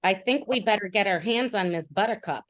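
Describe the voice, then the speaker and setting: A woman voicing a sharp-tongued young female bard who berates her enemies in a tabletop game. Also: mid-range voice, brisk, natural voice. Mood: urgent. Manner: scornful, berating.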